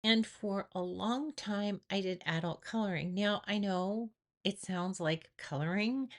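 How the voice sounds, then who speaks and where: A middle-aged woman shares a personal story with her viewers. Her voice sits at an ordinary pitch for a woman. Her delivery is earnest and reflective, and she often acts out the things she said to herself. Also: a little slow. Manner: earnest, reflective, with acted-out inner quotes. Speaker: vlogger sharing personal story.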